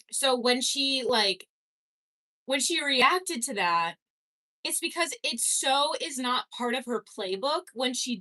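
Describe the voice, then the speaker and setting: A young woman streamer from Canada chats casually with her viewers. Her voice sits a little high, and she talks loosely, swears now and then, and laughs easily as she reacts to comments. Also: bright, forceful tone. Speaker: streamer reading chat. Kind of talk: casual livestream chat.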